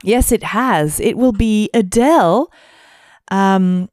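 A woman co-hosting a podcast, musing aloud with frequent pauses and restarts. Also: mid-range voice, darkish tone, no room sound, clean studio sound. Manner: hesitant, many fillers and restarts, musing. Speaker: podcast co-host. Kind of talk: casual podcast chat.

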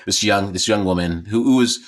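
A man co-hosts a casual podcast chat, speaking at a fairly quick pace with a fairly low pitch. He tells a rambling story, often restarting and repeating words.

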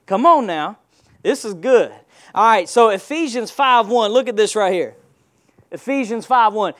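A man's voice: high voice, expressive, measured pace, fairly bright tone. A male pastor preaching a sermon, firing rhetorical questions and call-and-response prompts at his congregation.

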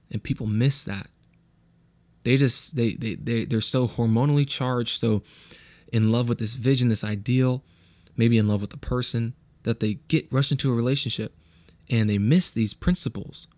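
A young man from California's Central Valley hosts a casual Bible talk podcast, his mid-range voice carrying a darkish tone with no room sound. He speaks in a slangy, loose West Coast American way, repeating words whenever he restarts.

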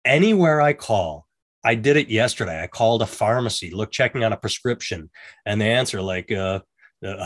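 A man's voice: lowish voice, lively intonation, moderate pace, no echo. A middle-aged man co-hosting a casual chat, rambling and telling stories, breaking off to act out the voices of people he quotes. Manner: rambling, self-interrupting, acts out quoted voices. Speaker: podcast co-host.

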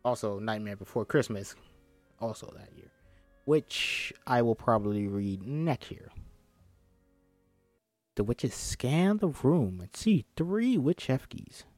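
A man reads a film script aloud in an unhurried way, with a pitch that rises and falls a lot. He stops often for joking, swearing asides and acts out the lines. The mic is close and dry, and faint music plays behind him. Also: lively intonation, darkish tone, no room sound.

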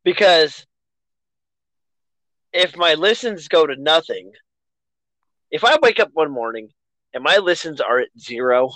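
A man hosting a casual podcast, talking in loose, rambling runs and poking fun at himself. His pitch jumps around a lot as he talks. The sound is close and dry, with no room echo. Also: expressive, measured pace, pauses often, sharp tone. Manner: chatty, self-deprecating, rambling. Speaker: podcast host.

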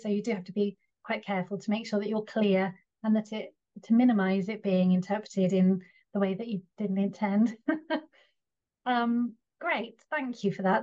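A woman's voice: medium pitch, mellow. A woman hosting a podcast interview, encouraging her guest and asking follow-up questions with occasional fillers. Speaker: podcast host. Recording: slightly dull lo-fi sound.

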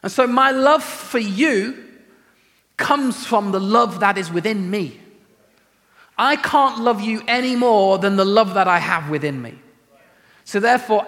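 A man preaching a sermon to a church, casual and animated, with conversational asides. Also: sits high. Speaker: pastor. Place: church auditorium. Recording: reverberant hall.

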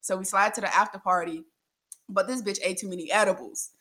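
A young woman telling a crude, animated story in casual chat, laughing often. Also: mid-range voice, fairly quick, crowd noise.

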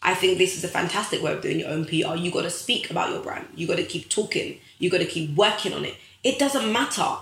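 A woman's voice: on the low side, quick pace, creaky, hardly any pauses, a bit bright, echoey room. A young woman hosting a live stream, giving a motivational talk to her viewers with emphatic, preachy repetition and calling them guys. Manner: preachy, emphatic, repeats phrases for effect; addresses viewers directly as guys.

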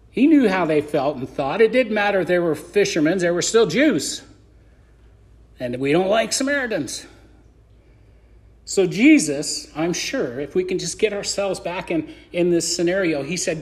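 A man's voice: high-pitched, animated, moderate pace, a little mellow. A man preaching a conversational sermon on a podcast, acting out scripture scenes in voices.

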